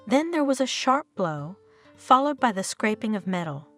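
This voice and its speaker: A woman's voice: a little high, very animated, normal speed, a bit bright. A woman narrating a dramatic family story in a scripted storytelling style, over faint background music.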